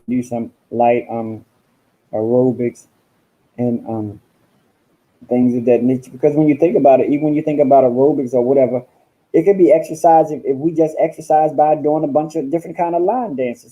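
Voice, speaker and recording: Sassy, profane man with a very dark voice. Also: mid-range voice, poor audio. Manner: sassy and profane, calls listeners honey and girl. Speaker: livestream host. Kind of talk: casual livestream rant.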